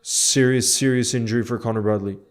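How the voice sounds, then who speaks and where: In this watchalong commentary, a football fan streamer reacts live to the match, brisk and medium-pitched with fairly even intonation. He's outspoken and emotional, with "bro" coming up often as he moves from fury to sombre thoughts.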